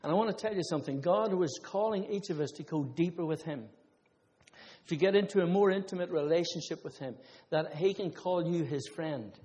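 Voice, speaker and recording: Guy preaching in a big echoey hall, kinda high voice, chatty with the crowd. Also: fairly quick, warm tone. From Ireland. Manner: conversational preaching with testimonies and asides. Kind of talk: sermon. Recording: long hall reverb.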